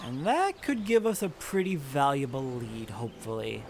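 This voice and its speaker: A man giving relaxed, offhand commentary while playing a video game. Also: mid-range voice, moderate pace, faint music behind. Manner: laid-back, offhand, jokey. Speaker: let's play host. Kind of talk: casual gameplay commentary.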